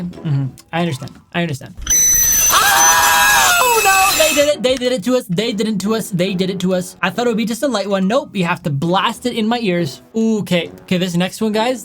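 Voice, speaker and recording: A young man reacts to a run of sound clips in a chatty, animated vlog, his pitch leaping up and down as he talks. He keeps calling his viewers "guys," and faint music sits behind him.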